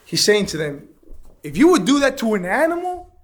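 A man's voice: high voice, very animated, moderate pace. A man teaching an interactive Bible lesson, asking the class questions and repeating their answers.

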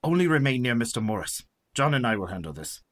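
An actor playing a stern, wise professor who hunts vampires, formal and commanding, in radio drama style. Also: male voice, mid-range voice, very animated, fast.

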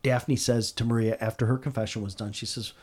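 A man of ordinary pitch recounts a story as an interview guest. He speaks earnestly and grows animated, often restarting his sentences as he talks. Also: fairly quick, breathy edge. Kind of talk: conversational storytelling.

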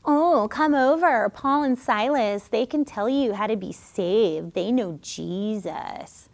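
A woman preacher voicing a demonic spirit that taunts believers in a low, hushed, mocking tone during a sermon. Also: takes it slowly, gravelly. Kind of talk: sermon teaching.

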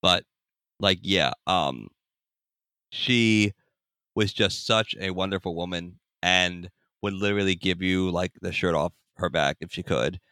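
A young man recounts a personal story as a podcast guest, lively and casual. His voice sits a little low but sounds bright and forceful. The recording is dry and close. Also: measured pace, smooth, no room sound. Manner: animated, acts out voices in anecdotes.

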